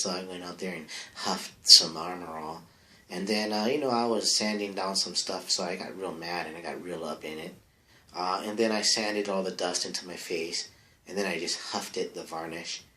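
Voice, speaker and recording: Male comic persona, low voice, rambling bro talk, roomy echo. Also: fairly even intonation, normal speed, sharp tone. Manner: rambling, bro-ish, trailing into mumbled asides. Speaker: comedic advice-show persona.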